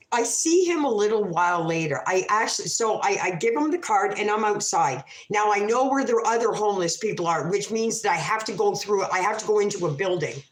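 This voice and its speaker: A woman telling a rambling, emotional story on a casual livestream, often cutting herself off, restarting and swearing freely. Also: mid-range voice. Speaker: livestream host. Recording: echoey room.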